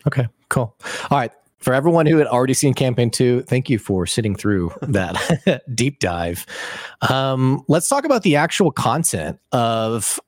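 A man's voice: medium pitch, no room sound, clean studio sound. A man hosting a casual discussion, asking questions and steering the talk with short acknowledgements. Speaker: podcast host. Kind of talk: casual chat about a show.

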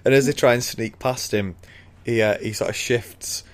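A man co-hosting a casual chat, calmly retelling a story's events and laughing often. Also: medium pitch, moderate pace. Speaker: podcast co-host.

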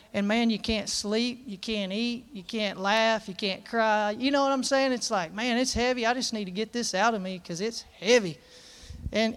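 A man preaches to his congregation in a high, clear voice. His delivery is earnest and folksy, full of restarts and plain country talk as he reads scripture and speaks from the heart. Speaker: pastor. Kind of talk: sermon. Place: church.

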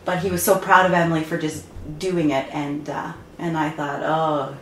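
A woman's voice: low voice, steady tone, normal speed. A woman from Canada fondly recalling her grandfather, often breaking into laughter. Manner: fond, laughing reminiscence. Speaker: granddaughter sharing memories. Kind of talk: reminiscing chat. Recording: roomy with faint noise.

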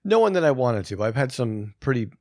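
A man's voice: mid-range voice, big pitch swings, fast talker, a little mellow, no echo. A man hosting a podcast, chatting casually with a wry, dry humor. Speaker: podcast host. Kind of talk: casual chat.

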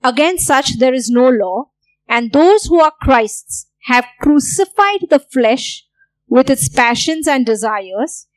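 A woman's voice: high-pitched, lively intonation, takes it slowly, no echo, rough recording. A woman pastor preaching a sermon, earnest and repeating key phrases for emphasis.

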